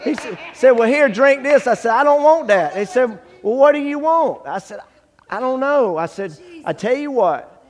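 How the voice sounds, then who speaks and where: High-voiced preacher in a reverberant hall. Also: male voice, animated, moderate pace. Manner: storytelling, acting out dialogue, swings from hushed to shouting. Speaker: guest preacher giving testimony. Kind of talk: testimony sermon.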